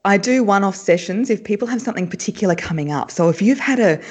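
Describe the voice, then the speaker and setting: A woman speaking as a voice coach in an interview, her pitch swinging up and down as she explains her methods. She talks in an animated, explanatory way and often breaks into laughter. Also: fast. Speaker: voice and speech coach.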